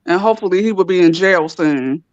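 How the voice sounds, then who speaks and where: A woman's voice: on the low side, a little fast, a little mellow, no echo, muffled recording. A woman guest on a casual panel chat, blunt and heated, cursing freely.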